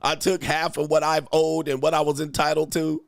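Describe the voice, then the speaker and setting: A man's voice: on the high side, level tone, normal speed, gravelly, dry recording, studio quality. A man voicing a self-pitying wife who is leaving her husband, with a whiny, theatrical pleading voice. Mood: aggrieved. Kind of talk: comedic impression in a livestream rant.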